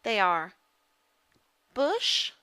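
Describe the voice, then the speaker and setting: A woman teaching reading in a slow, measured way. Her voice is bright and crisp and sits a little high, and it is recorded close and dry. She repeats each word carefully so learners can follow. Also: huge pitch swings, dry recording. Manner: slow, deliberate, repeats words for drill. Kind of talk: scripted phonics lesson.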